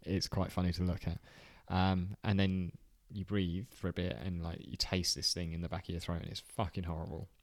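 A man's voice: sits low, little pitch movement, a little fast, few pauses, no room sound. A man in his thirties co-hosting a podcast in casual chat, dry and self-deprecating, with a slightly sore throat and frequent laughs. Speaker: podcast co-host.

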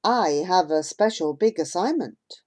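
A woman reading aloud voices an adult male rickshaw driver with a gentle, sing-song manner. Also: high-pitched, lively intonation, unhurried. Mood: friendly.

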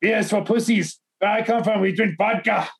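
A man's voice: high voice, fairly quick, vocal fry, voice pushed up. A man voicing a boastful Russian drinker in a story, blunt and swaggering.

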